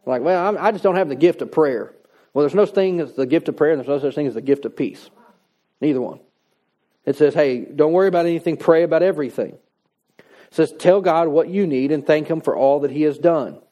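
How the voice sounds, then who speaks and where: A man's voice: a little high, fairly quick, dark tone. A man preaching a sermon in a conversational, folksy way, reading scripture and adding plain-spoken asides. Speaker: pastor.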